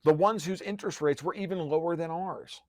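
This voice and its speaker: A man's voice: on the high side, fairly quick, dry recording, clean studio sound. Fiery, sarcastic man with a raised voice. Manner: profane, sarcastic, restarts often. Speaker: podcast guest. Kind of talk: heated conversational rant.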